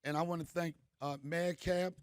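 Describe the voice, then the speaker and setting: A man's voice: on the high side, fairly even intonation, normal speed, dry recording, studio quality. A middle-aged man hosting a crowd, telling loose, slangy, joking stories. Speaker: comedian host speaking to an event crowd. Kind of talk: storytelling speech to a live crowd.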